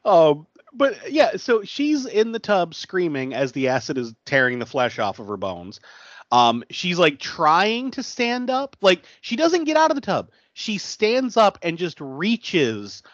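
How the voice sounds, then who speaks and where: Lively podcast co-host retelling a movie. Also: mid-range voice, measured pace, no room sound, lo-fi sound. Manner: animated, laughing, acts out characters' lines. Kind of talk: casual movie recap.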